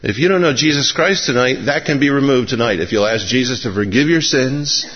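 Excitable preacher man, dull recording. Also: mid-range voice, fairly quick. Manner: excitable preacher, rising to emphatic appeals. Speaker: pastor. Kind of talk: sermon. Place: church sanctuary.

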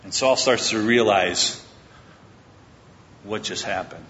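A man's voice: slow pace, fairly bright tone. A man preaching a sermon, retelling a Bible story in a conversational way and acting out the characters' lines. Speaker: pastor. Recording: echoey lo-fi hall recording with faint rumble.

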